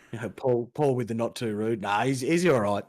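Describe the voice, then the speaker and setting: A man's voice: medium pitch, a little mellow. A man with an Australian accent, chatting casually as a podcast guest, laid-back and laughing easily at himself. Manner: laid-back, laughs a lot, self-deprecating. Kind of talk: casual chat.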